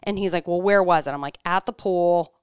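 A woman's voice: lowish voice, brisk, clean tone, no room sound, studio quality. A woman in her thirties, a podcast co-host, telling a story in casual chat and acting out the dialogue with animation. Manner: animated, acts out quoted dialogue.

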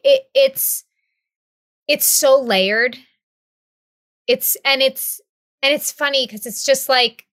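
A woman in her thirties with a fairly high, bright voice, talking candidly on a podcast. She swears freely and slips into little acted-out quotes as she tells stories. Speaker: podcast co-host. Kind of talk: casual chat.

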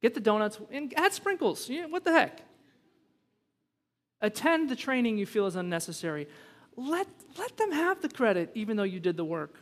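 High-voiced preacher in a reverberant hall. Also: male voice, sing-song, normal speed. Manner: emphatic, conversational preaching with rising intensity and humor. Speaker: pastor. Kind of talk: sermon. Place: church sanctuary. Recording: long reverb from a large hall.

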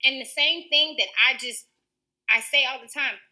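Woman teacher in her thirties, high bright voice, earnest, laughs easily, interview answers. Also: normal speed. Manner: warm, earnest, laughs often.

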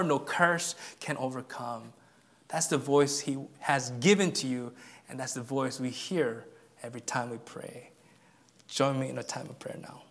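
A male pastor preaching a sermon in an earnest way, dropping to a hush and then rising to emphatic peaks. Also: a little high, normal speed. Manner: earnest, swings from hushed to emphatic.

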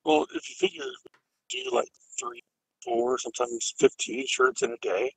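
Husky, gravelly man chiming in. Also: medium pitch, huge pitch swings, moderate pace, dry recording, poor audio. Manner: brief, laughing interjections. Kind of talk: casual chat.

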